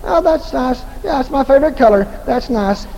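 A man voicing a wife who politely thanks her husband for a gift, in mild, slightly flat tones. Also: sits high, moderate pace, muffled recording. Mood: politely pleased. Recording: echoey hall, faint noise.

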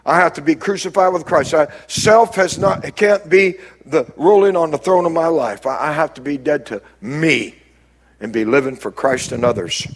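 A man preaching a sermon as pastor, swinging between loud rises and quiet low drops and calling out to the congregation. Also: moderate pace, slightly rough. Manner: preaching with sudden rises and drops, calls to the crowd.

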